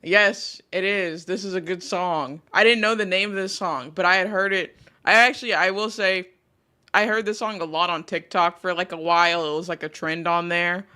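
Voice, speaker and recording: A woman's voice: on the low side, fairly even intonation, normal speed, sharp tone, smooth. A woman VTuber host chatting casually with her live chat, talking through a sore throat as she comes down sick, swearing freely as she greets viewers. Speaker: VTuber streamer.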